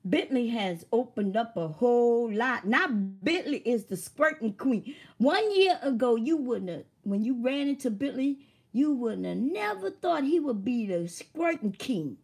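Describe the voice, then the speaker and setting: A woman's voice: on the high side, expressive, a little slow, slightly rough. A woman hosting a casual livestream, who chats loosely, laughs often and swears freely. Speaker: livestream host.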